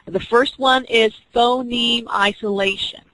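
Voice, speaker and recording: A woman's voice: on the high side, steady tone, a little slow, fairly bright tone, no room sound, rough recording. A woman teaching an online class, explaining reading skills step by step and acting out teacher and student examples. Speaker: teacher educator.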